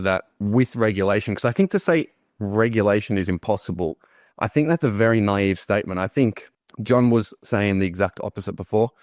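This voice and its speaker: A man with a very low voice argues his case in a casual online group discussion. He presses the others with pointed questions. The sound is dry and close. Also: no echo. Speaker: discussion participant.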